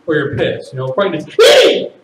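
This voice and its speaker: A man performing stand-up comedy at a party, with loud, animated shouted bits. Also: fairly high pitch, a little fast, reverberant, distant mic, noisy background.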